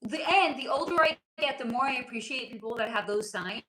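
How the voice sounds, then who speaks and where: A woman's voice: a little high, a little fast, echoey room, a little hiss or hum, poor audio. A woman from the United States chatting casually on a livestream as a psychic reader, rambling and swearing. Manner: animated, swearing, rambling asides.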